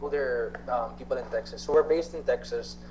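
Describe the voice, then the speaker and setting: A man's voice: medium pitch, a little fast, a little mellow, a little hiss or hum. Earnest young Filipino man, lo-fi. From Philippines. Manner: mixes English and Tagalog, earnest, hesitant fillers. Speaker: guest actor. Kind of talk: casual interview chat.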